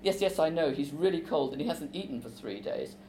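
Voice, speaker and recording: A woman reading aloud as a teenage boy, pressing urgently in a low, hushed voice. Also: lively intonation, a little fast, slight background noise, poor audio.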